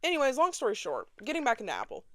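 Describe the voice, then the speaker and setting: A woman's voice: high-pitched, huge pitch swings, very fast, no echo, studio quality. A young woman hosting a podcast, telling a story in a casual, dramatic and sassy way and acting out the people in it. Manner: dramatic, sassy, acts out other people's lines. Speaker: podcast host.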